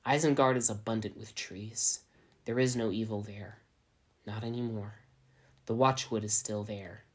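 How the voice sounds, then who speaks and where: A man voicing a calm, dignified elf queen in a measured tone. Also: lowish voice, lightly acted.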